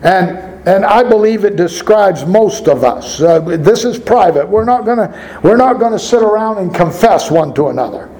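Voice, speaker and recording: High-voiced preaching man. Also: animated, normal speed, darkish tone, low-quality recording. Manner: preaching with rhetorical questions and scripture reading. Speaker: pastor. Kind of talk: sermon.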